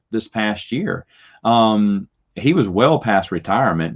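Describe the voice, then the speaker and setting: A middle-aged man telling rambling stories with restarts and little chuckles. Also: lowish voice. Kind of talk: casual storytelling. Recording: dull lo-fi recording.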